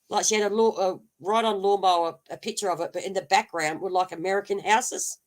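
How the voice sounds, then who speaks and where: A woman's voice: mid-range voice, fairly even intonation, normal speed. A woman with an Australian accent hosting a casual live chat, telling a long story with many fillers and restarts. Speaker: host.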